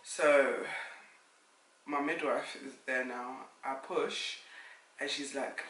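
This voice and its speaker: A young woman, telling a lively story to camera as a vlogger and acting out what others said. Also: rumbling low, moderate pace, slight background noise. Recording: roomy sound, mic at a distance.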